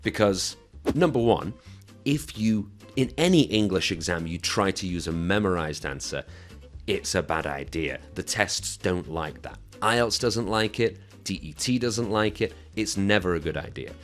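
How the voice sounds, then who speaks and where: A man's voice: deep voice, animated, unhurried, fairly bright tone, faint music behind. A man teaching English exam speaking skills, explaining a sample answer in an encouraging, instructive way and checking in with his listeners.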